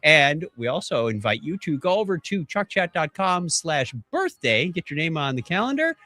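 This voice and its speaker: A man's voice: on the high side, sing-song, moderate pace, bright, forceful tone, no room sound. An older man co-hosting a tech podcast in a casual, jokey way, reading out listener birthdays and news stories. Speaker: podcast co-host.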